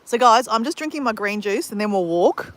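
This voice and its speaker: An Australian woman talks into her phone on an open beach, greeting live viewers by name and laughing along with them. Her voice sits a little high and swoops around with lots of bounce. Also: lively intonation, fairly quick. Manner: chatty, addresses viewers by name, laughs often. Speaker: live-stream host. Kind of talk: casual live-stream chat with viewers. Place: outdoors at a beach at sunrise. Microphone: handheld phone.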